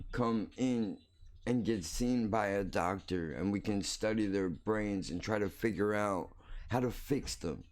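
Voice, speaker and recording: A man hosting his own show, telling a story in a blunt, crude, rambling way, full of profanity and restarts. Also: lowish voice. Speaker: podcast host.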